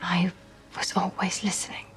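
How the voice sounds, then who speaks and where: An actress with a British accent playing a young blind woman who knows people by their voices, speaking quietly and sometimes in a whisper. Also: lowish voice, completely flat delivery, moderate pace, natural voice. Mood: earnest. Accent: British, as played. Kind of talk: drama scene. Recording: drama with faint music.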